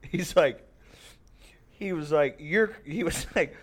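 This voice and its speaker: A man's voice: a little high, takes it slowly. A man telling a long, rambling, profane family story on a podcast, laughing often. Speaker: podcast host. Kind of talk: casual storytelling.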